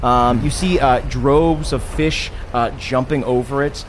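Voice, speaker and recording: A man's voice: mid-range voice, measured pace, a little hiss or hum. A man narrating a tabletop role-playing game as game master, laid-back with frequent ums and easy laughter.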